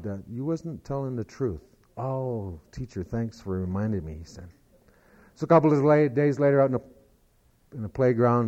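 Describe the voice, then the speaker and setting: A man's voice: medium pitch, warm tone. A man telling a long joke in a folksy, rambling way, full of "he said" asides. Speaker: storyteller.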